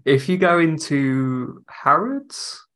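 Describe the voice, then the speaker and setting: A man co-hosting a theme park podcast, talking in rambling, halting sentences. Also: on the high side, animated, a bit bright. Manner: rambling, halting, restarts a lot. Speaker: podcast co-host. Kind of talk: casual podcast chat.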